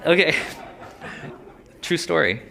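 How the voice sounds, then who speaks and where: A man's voice: fairly high pitch, lively intonation, slow, creaky, a crowd in the background. A young man preaching a sermon in a loose, conversational way, with a slight lisp from a sore tongue, breaking into joking asides. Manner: conversational, joking asides, voices inner thoughts.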